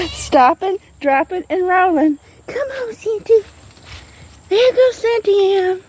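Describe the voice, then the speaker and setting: A woman talks into a handheld phone outdoors in the woods. Her voice sits high and bounces up and down in pitch as she coos at her kitten and gushes over what she finds. Insects and crickets chirp faintly behind her. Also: big pitch swings, drawn-out words, pauses often, a little mellow, a little hiss or hum. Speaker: vlogger. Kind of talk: casual nature vlog.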